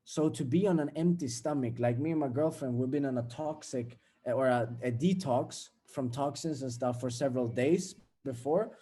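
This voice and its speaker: Young man, mellow warm voice, blunt motivational vlog talk, swears a lot. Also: medium pitch, normal speed, few pauses, husky. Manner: blunt, swears freely, acts out everyday scenes. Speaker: self-development vlogger.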